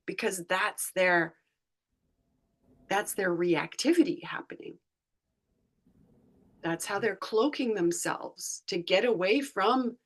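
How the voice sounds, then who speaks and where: Slow, thoughtful woman on a call. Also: medium pitch, fairly bright tone. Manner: slow, thoughtful, searching for words. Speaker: joy research facilitator. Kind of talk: reflective conversation.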